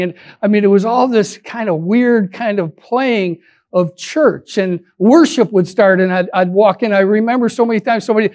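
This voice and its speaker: A male pastor preaching a sermon in an earnest way, often repeating words and restarting, and slowing down to stretch out key phrases. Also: high-pitched, a little mellow.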